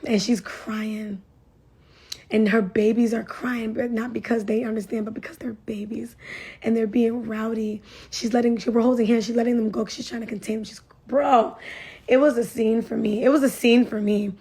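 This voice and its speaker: A woman's voice: on the high side, steady tone, normal speed, dark tone, breathy edge. A young woman giving a casual spoken testimony, chatty, full of fillers and repeated phrases. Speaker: churchgoer sharing a testimony.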